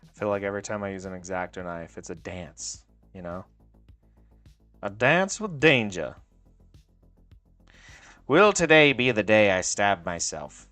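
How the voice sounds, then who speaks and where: A man's voice: on the low side, sing-song, measured pace, pauses often, sharp tone, faint music behind. A man hosting a casual livestream, joking and laughing often as he talks to chat while working on a craft. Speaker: livestream host.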